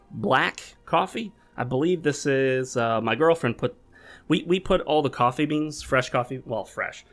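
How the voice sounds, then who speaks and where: A man's voice: medium pitch, a bit bright. A man hosting his own gaming channel, talking to viewers in a rambling, chatty way while he plays at his home desk. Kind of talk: casual gameplay commentary.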